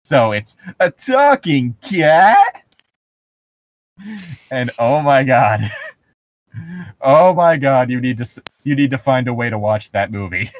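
A man co-hosts a casual podcast, joking, laughing a lot, and reading excerpts aloud. His voice is medium-pitched at a normal speed, with no room sound.

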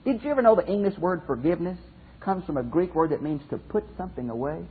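Emphatic pastor teaching scripture, phone-like sound. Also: male voice, a little high, animated, fast, breathy edge. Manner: emphatic, repeats phrases, addresses listeners directly. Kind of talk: Bible teaching lecture. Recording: phone-like narrow band audio.

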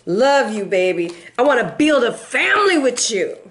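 Speaking at normal speed with big swings in pitch, this slightly high-voiced woman is a middle-aged tarot reader and life coach. Her reading is casual, chatty and playful, full of acted-out quotes and snatches of song.

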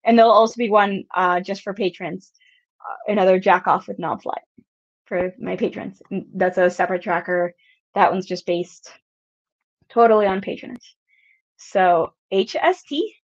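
A woman's voice: medium pitch, normal speed, lo-fi sound. A woman hosting a casual whiskey livestream, rambling with lots of giggles and casual swearing. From United States. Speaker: whiskey channel host.

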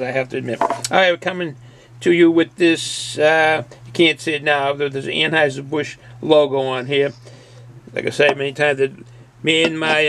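A man's voice: fairly high pitch, vocal fry, a bit bright, slight background noise. A middle-aged man with a Boston accent chatting casually through a beer review, rambling and folksy and often repeating himself.

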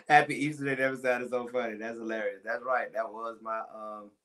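A man's voice: medium pitch, level tone, unhurried, fairly bright tone. A man, chatting to viewers on a church livestream and telling a childhood story. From Timpson, Texas. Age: 40s. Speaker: pastor. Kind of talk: casual livestream talk to viewers.

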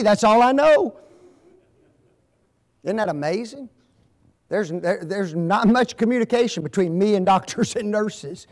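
An older man giving a folksy seminar talk in a church, telling stories and asking the audience rhetorical questions. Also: high voice. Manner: animated storytelling with rhetorical questions. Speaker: guest speaker at a marriage seminar. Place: church hall.

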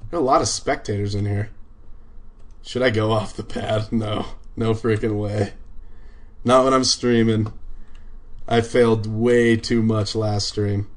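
Laid-back male streamer, lowish voice, drawls through live game commentary with frequent swearing. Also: fairly even intonation, measured pace, pauses often. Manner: laid-back, swears and laughs easily, talks to viewers. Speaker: livestreamer playing a game. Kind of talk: casual live gaming commentary.

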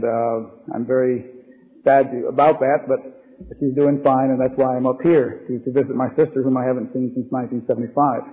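A man from California giving a sermon to a live congregation as a guest preacher, hoarse with laryngitis, mixing folksy jokes with slow, emphatic preaching. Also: medium pitch. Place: church hall with live audience. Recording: tinny phone-like old recording in a reverberant hall.

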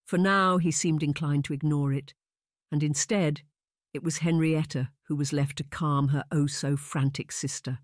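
A woman narrating a historical romance audiobook in a measured, unhurried reading. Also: sits low, fairly even intonation, no echo, studio quality. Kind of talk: scripted narration.

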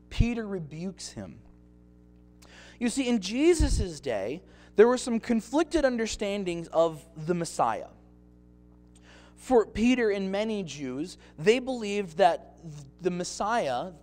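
A man's voice: high-pitched, darkish tone. A male pastor preaching a sermon expressively, acting out scenes from the text.

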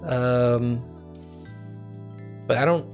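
A young adult man commenting casually on the game he is streaming. He rambles and thinks out loud in a mid-pitched voice, with faint music in the background. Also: drawn-out words. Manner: rambling, chatty.

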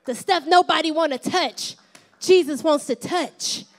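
Middle-aged woman pastor, high voice, lively playful sermon delivery, dips into whispers. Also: unhurried. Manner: drops to a whisper at times.

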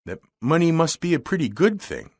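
A man's voice: fairly high pitch, very animated, a little fast, breathy edge, no echo, studio quality, voice pushed up, heavily acted. A man voicing an ordinary young man who speaks politely and hesitantly. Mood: earnest.

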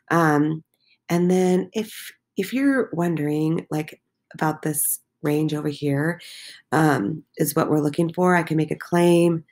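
A woman's voice: low voice, darkish tone. A woman teacher walking her middle school class through the day's posts, encouraging, with many filler ums. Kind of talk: recorded class walkthrough.

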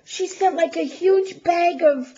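A woman crafting vlogger, not feeling well, gushing and gasping with excitement as she opens a gift package at home and chats to the camera. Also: extremely high pitch, slow pace, lo-fi sound, slight background noise. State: feeling unwell. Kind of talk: excited unboxing chat to camera.

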